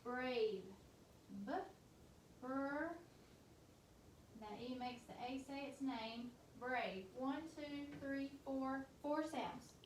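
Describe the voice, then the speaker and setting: Woman teacher, high-voiced, phonics dictation, a bit off-mic with faint noise. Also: reverberant, far from the mic. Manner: slow, deliberate, sounds out each letter.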